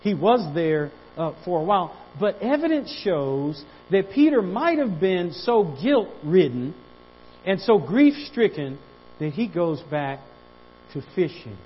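High-voiced preaching pastor, dull recording. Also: male voice, sing-song, measured pace, slight background noise. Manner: repeats words, calls for amen. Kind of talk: sermon.

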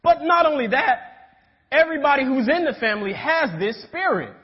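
Animated and fairly quick, with a very high voice, this young man spins stories in a conversational sermon, asking "right?" to keep listeners with him. It's recorded in a church sanctuary, dull in tone with lingering reverb.

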